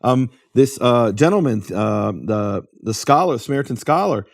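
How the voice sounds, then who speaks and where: A man's voice: mid-range voice, expressive, moderate pace, creaky, dry recording, clean studio sound. A man hosting a talk, explaining history in a lecturing way and answering his own rhetorical questions. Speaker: host explaining biblical history.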